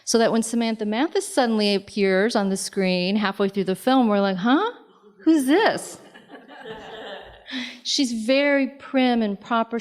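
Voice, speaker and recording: Woman, author, public lecture, conversational, frequent fillers, lively asides, mid pitch. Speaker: author giving a library talk. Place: library lobby.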